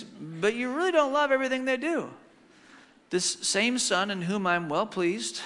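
A middle-aged man preaching a sermon, telling family stories and swinging between hushed and loud. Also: on the high side. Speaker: pastor. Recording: long hall reverb.

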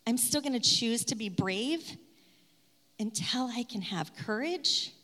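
A woman sharing a personal story, earnest and softly reflective. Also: fairly high pitch, lively intonation, slow. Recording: hall reverb.

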